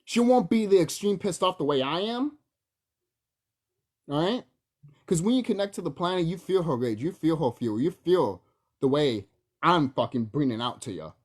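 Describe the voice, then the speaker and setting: With a medium-pitched voice, lively intonation, and a moderate pace broken by frequent pauses, a young adult vlogger delivers an angry, profane rant to the camera, mocking those they're addressing.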